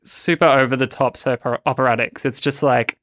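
Smooth-voiced man chatting about comics. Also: mid-range voice, steady tone, fast, fairly bright tone, no room sound, studio quality. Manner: chatty, laughs often, reads panels aloud. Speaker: podcast co-host. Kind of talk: casual chat about comics.

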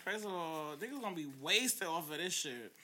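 Bright-voiced woman co-hosting a loose chat. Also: fairly low pitch, expressive, moderate pace, slight background noise. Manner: loose, swearing, laughing often. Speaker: podcast co-host. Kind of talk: casual chat.

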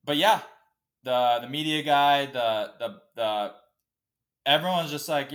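A man's voice: medium pitch, unhurried, fairly bright tone. A man hosting a casual solo podcast, ranting in a profane, emotional, fired-up way. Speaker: podcast host.

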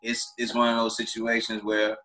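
A man's voice: fairly low pitch, completely flat delivery, normal speed, sharp tone. A man in a laid-back casual chat over a remote call, often repeating himself and saying "you know what I mean.".

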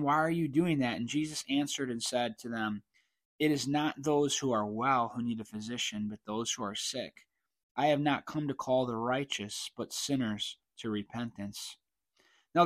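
A man teaching a Bible passage, switching between slow, careful scripture reading and loose, chatty explanation. He clears his throat now and then, and his voice sits at an ordinary middle pitch. The sound is dry and close, with no room echo. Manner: reads scripture then comments conversationally, frequent throat clearing. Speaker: preacher.

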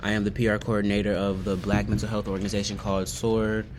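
An eighteen-year-old man from New York and Atlanta, co-hosting a podcast in casual chat, soft-spoken and quiet. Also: lowish voice, completely flat delivery, fast talker, a little hiss or hum. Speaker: co-host.

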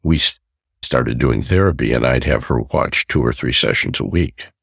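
A man's voice: a bass voice, animated, normal speed, vocal fry, a bit bright, breathy edge, no echo, clean studio sound. An older man, a family therapist, telling stories from his career in a podcast interview and acting out the voices he quotes.

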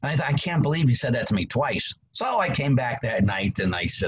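A man's voice: fairly quick, hardly any pauses, highs cut off, a little hiss or hum. A man in his sixties, a priest, telling his story in an interview and acting out quotes with big jumps in voice. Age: 60s. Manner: animated preacher, acts out quotes with big pitch jumps.

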